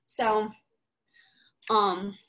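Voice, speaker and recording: A young woman co-hosting a podcast, telling a story in a casual, animated way and swearing a lot. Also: medium pitch, drawn-out words, low-quality recording. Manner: animated, profane, emphatic storytelling. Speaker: podcast co-host.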